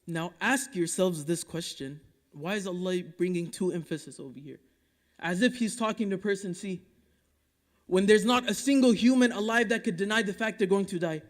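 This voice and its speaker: A man from Dallas giving a Friday sermon as imam, impassioned and rhetorical, rising to loud urging and dropping to hushed asides, reciting Quranic Arabic quickly between English explanations. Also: high-pitched. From Dallas, Texas. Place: mosque prayer hall. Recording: long reverb of a mosque hall.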